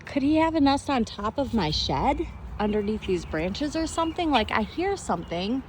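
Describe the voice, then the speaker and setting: A woman vlogging outdoors in her backyard, talking to the camera and coaxing a bird in a high sing-song voice. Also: sing-song, normal speed, a little hiss or hum.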